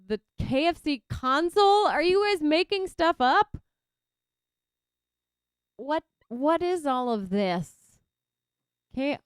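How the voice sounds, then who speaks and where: Chatty Texan woman streamer, lively pitch. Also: smooth, dry recording, clean studio sound. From Texas. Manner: chatty, reacts loudly to chat. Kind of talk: casual chat while gaming.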